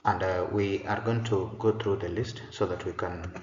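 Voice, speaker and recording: A man's voice: low voice, fairly even intonation, moderate pace. A man teaching an online English pronunciation lesson, explaining patiently and repeating himself, with many "uh" fillers. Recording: echoey room, dull lo-fi sound, faint noise.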